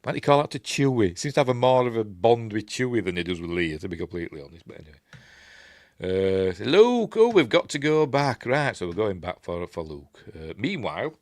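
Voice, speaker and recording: A man's voice: fairly low pitch, very animated, fairly quick, a little mellow, dry recording, studio quality. A man with a Yorkshire accent giving a casual, rambling film commentary, full of chuckling asides and playful character impressions. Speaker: film reviewer.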